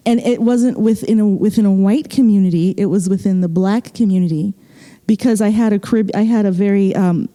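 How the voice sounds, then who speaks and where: A woman's voice: mid-range voice, brisk, warm tone. A woman from the U.S. Virgin Islands in casual conversation on a panel, earnestly telling a story from her own life.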